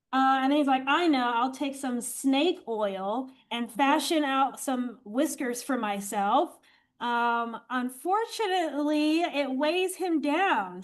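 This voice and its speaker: A woman participant casually reading her own comic, chatty and playing the characters briefly. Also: high-pitched. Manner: chatty, uses "like" and quick character voices. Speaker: workshop participant.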